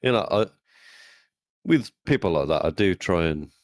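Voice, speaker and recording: A man's voice: low voice, animated, moderate pace, no echo, studio quality. A man co-hosting a podcast, chatting in a laid-back way with casual swearing. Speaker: podcast co-host. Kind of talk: casual chat.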